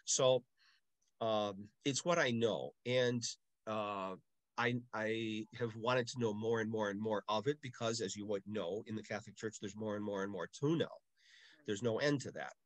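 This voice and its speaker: A man's voice: lowish voice, moderate pace, dry recording. An older man from Milwaukee, a parish music director, recalls his past in an easy, chatty way. He breaks into voices as he tells his stories, and the recording is dry and close. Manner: animated storyteller, acts out voices in anecdotes. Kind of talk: casual interview storytelling.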